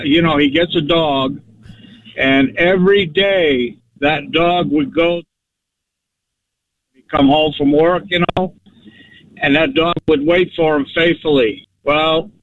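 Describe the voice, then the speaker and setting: A man calling in to a radio show, telling a story in a chatty, heartfelt way. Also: a little high. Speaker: caller. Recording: dull phone line with faint noise.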